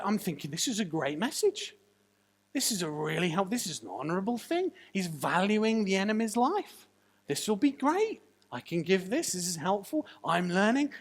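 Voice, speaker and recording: A preacher giving a sermon, animated and full of jokey asides and rhetorical questions. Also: medium pitch.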